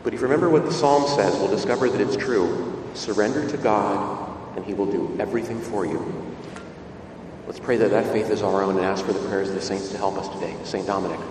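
A man's voice: on the low side, brisk, heavy reverb, big-room sound, far from the mic, background noise. A male priest giving a sermon, telling stories and asking rhetorical questions. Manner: expressive storytelling, rhetorical questions.

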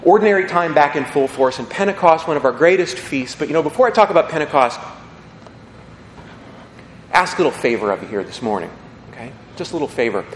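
Folksy priest in an echoey church. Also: male voice, on the high side, animated, fast talker, a little hiss or hum. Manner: conversational, folksy, asks "okay?" often. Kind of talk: homily. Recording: echoey church with long reverb.

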